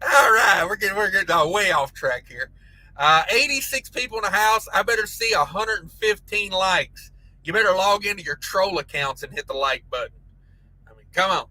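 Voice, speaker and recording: Joking trucker man, bright high voice. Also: normal speed, poor audio. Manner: crude joking banter, laughs often. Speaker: trucker live-stream host. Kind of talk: casual live-stream chat reading super chats.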